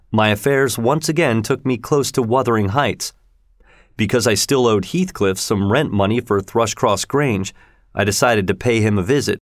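A man narrating a classic novel in steady, measured audiobook storytelling. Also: on the low side, no echo, clean studio sound.

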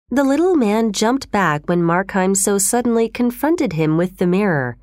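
A woman reads a classic story aloud, measured and expressive, with a lively rise and fall in her voice. The sound is close and completely dry, with no room echo. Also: medium pitch. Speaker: narrator. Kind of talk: storybook reading.

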